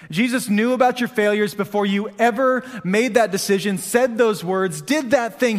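A man preaching a sermon as pastor, talking conversationally and asking the congregation rhetorical questions. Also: high voice. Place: church hall. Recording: long hall reverb.

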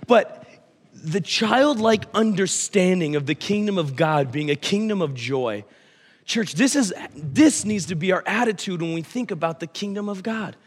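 A man's voice: high-pitched, lively intonation, normal speed. A man in his thirties preaching a sermon, telling a story animatedly and acting out his son's lines. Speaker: pastor. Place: church hall. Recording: church hall with long reverb.

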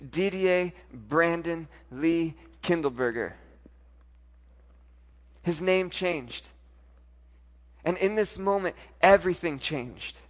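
A pastor preaching a sermon, telling a personal story, moving from soft, intimate lines to loud, emphatic ones. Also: male voice, fairly high pitch, animated, slow, long pauses.

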